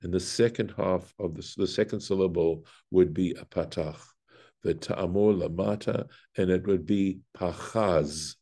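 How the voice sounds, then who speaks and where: A man's voice: deep voice, steady tone, moderate pace, creaky, warm tone. A man, a rabbi, teaching a Torah lesson, reading Hebrew aloud and explaining it step by step, with fillers and self-corrections. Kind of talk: Bible study lesson.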